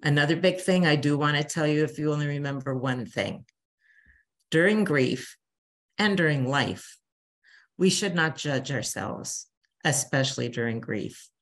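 A woman's voice: low voice, animated, measured pace. An older woman, a bereavement counselor, giving a chatty talk to a church grief group and acting out little quotes. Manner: warm, chatty teacher, acts out quotes.

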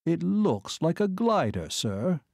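A man voicing a calm male lieutenant colonel who politely explains things to his commander. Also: fairly high pitch, slow pace, vocal fry, no echo, clean studio sound, voice pushed up, heavily acted. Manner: polite, explanatory, says sir.

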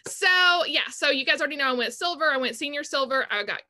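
A woman's voice: sits high, animated, fast talker, bright, forceful tone. A woman joining a video call as a guest, chatting in a gushing, bubbly way and laughing easily. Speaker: guest team member. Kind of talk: casual excited chat.

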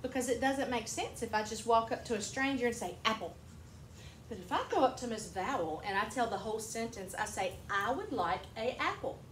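Casting: kindergarten teacher, patient, fairly high voice, roomy echo. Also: female voice, brisk, a little hiss or hum. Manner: patient, explains with examples. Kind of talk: classroom teaching. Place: echoey classroom. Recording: echoey classroom.

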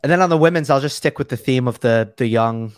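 A man's voice: mid-range voice, fast, clear, resonant tone, no echo, clean studio sound. A man appearing as a guest tennis analyst in a casual chat, easygoing and searching for words as he talks. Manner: easygoing, hesitant with fillers and restarts.

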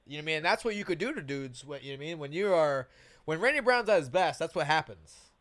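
A man's voice: on the high side, quick pace. A man co-hosting a podcast, joking around and chatting casually with a guest. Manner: lively, joking, talks in bursts. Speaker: podcast co-host. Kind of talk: casual studio chat.

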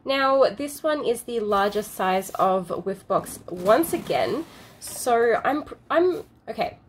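A woman's voice: a little high, animated, slow, slight background noise. A woman with an Australian accent, gushing and exclaiming as she unboxes products for her channel. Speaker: unboxing vlogger. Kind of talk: excited unboxing chat.

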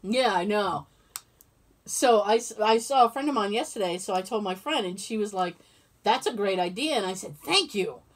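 During casual podcast chat, the co-host tells stories with animation and laughs often. She has a medium pitch and keeps a moderate pace.

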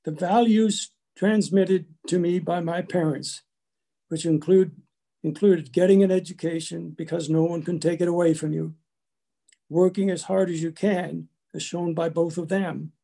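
Older man giving a measured lecture. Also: a little high, steady tone, creaky, dark tone. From Canada. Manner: measured, slow storytelling with small restarts. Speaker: guest lecturer. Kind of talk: prepared lecture with anecdotes.

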